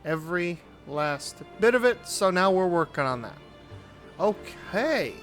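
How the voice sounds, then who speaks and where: A man giving casual commentary on his own gameplay, thinking aloud as he builds in a relaxed way. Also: high voice, measured pace, faint music behind. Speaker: gaming YouTuber. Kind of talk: casual let's-play commentary.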